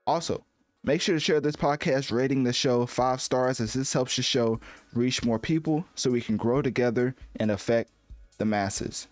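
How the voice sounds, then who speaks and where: A man's voice: mid-range voice, normal speed, darkish tone, no echo, soft background music. A man in his twenties hosting a solo podcast, talking in a laid-back, conversational way with many asides and fillers. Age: 20s. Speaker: podcast host. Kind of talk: casual solo podcast monologue.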